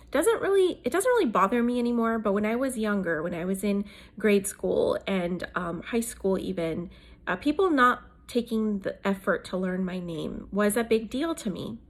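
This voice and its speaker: Woman, 30s, from South Asia, reflective solo talk, hesitant fillers, mid pitch. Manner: thoughtful, many fillers and restarts. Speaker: host. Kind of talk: casual talk on leadership.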